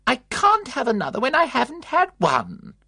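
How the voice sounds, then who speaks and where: A reader voicing a confused, tiny old woman in a care home, in a loud, shrill, insistent voice. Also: huge pitch swings, moderate pace, vocal fry, breathy edge, dry recording, studio quality, full character voice. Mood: demanding. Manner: insistent, whiny.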